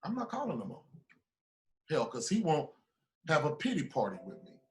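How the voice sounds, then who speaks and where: A man, a business mentor, giving a motivational speech in a preachy, repetitive way, swinging between loud urging and low asides. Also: huge pitch swings, moderate pace.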